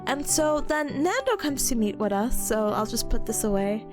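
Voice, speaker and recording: A woman's voice: a little high, normal speed, music in the background. A woman streamer chatting casually as she recaps her convention trip, giggling often and stumbling over repeated words. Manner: giggly and animated, frequent laughing and stammered restarts. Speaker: VTuber streamer.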